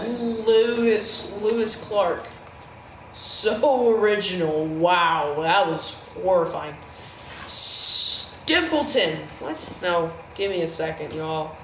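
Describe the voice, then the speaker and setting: A game streamer giving rambling, playful live-stream commentary with sudden squeaky outbursts. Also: sharp tone. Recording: echoey room with background noise.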